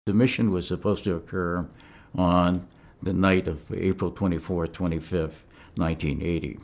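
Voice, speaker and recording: A man's voice: sits low, fairly even intonation, moderate pace, darkish tone. A man in an interview steadily recounting mission planning. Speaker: interviewee, former officer.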